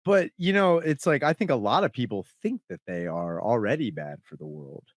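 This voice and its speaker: A man's voice: mid-range voice, sing-song, normal speed, no echo, studio quality. A man comedian guesting on a podcast, talking loosely in slang and calling people dude. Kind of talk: casual comedy podcast chat.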